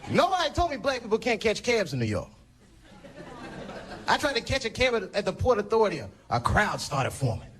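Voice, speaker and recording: A man's voice: sits high, wildly swooping pitch, fairly quick, fairly bright tone. A man from the United States doing a stand-up routine, telling stories in a loose way with punchy, profane asides. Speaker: stand-up comedian. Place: stage before a laughing audience. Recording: noisy live show recording.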